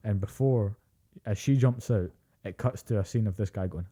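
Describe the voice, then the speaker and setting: A young man co-hosting a podcast, telling an animated story in casual chat, swearing freely and acting out quotes. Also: lowish voice, normal speed, slightly rough. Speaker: podcast co-host.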